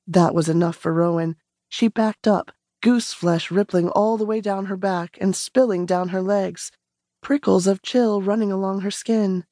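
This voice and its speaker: Woman narrating with a mellow tone. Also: mid-range voice, no room sound, clean studio sound. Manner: measured, steady storytelling. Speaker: audiobook narrator. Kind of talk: scripted narration.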